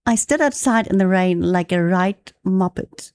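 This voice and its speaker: A woman's voice: medium pitch, unhurried, hardly any pauses, darkish tone, dry recording. A young adult woman streaming, chatting casually, laughing often and reading phrases aloud to practice them. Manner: giggly, reads text aloud and retries lines. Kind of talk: casual live-stream chat.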